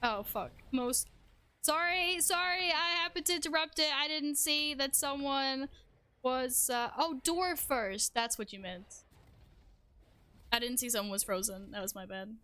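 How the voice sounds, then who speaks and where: A young adult woman streaming a game live, reacting excitably, swearing and making fun of herself. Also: high-pitched, a little slow. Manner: excitable, swears, self-deprecating outbursts. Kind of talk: live gameplay commentary.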